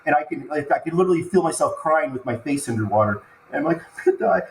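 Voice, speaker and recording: A man recounting a frightening personal experience as a podcast guest, halting and stumbling over restarts, sounding choked up as he talks. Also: fairly high pitch, lively intonation, slight background noise. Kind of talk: emotional personal storytelling. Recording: roomy echo.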